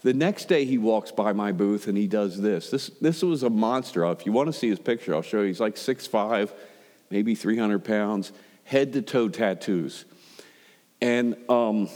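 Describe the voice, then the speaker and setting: A male preacher delivers a sermon in a relaxed storytelling manner and stacks up rhetorical questions. His voice sits low. Long reverb rings behind him, as in a large hall. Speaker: pastor.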